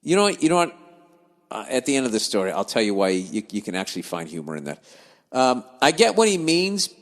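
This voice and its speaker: A man's voice: mid-range voice, big pitch swings, brisk. Cursing, ranting man with reverb. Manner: swears freely, grumbles and digresses. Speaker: podcast host reading listener letters. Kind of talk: profane comedic rant.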